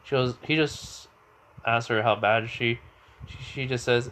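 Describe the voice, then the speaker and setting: A man's voice: mid-range voice, fairly even intonation, measured pace, a bit bright, a little hiss or hum. Man rambling through an improvised fan story. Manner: rambling, full of fillers and restarts.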